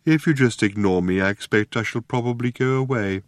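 A man voicing a gloomy, depressed male robot who talks in a slow, dejected drone. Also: mid-range voice, no room sound, studio quality, close to an everyday voice.

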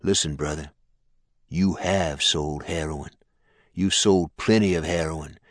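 A man voicing a stern, blunt male official who makes threats in an audiobook, in his own low dry voice. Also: steady tone, slow, no echo, heavily acted. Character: stern hard-nosed male mayor.

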